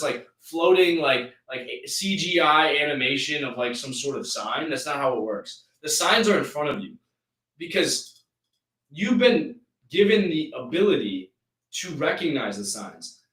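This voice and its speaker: A man's voice: a little high, fairly bright tone, echoey room, recorded from a distance, rough recording. A man hosting a live stream, giving an intense, preachy motivational rant that rambles with restarts.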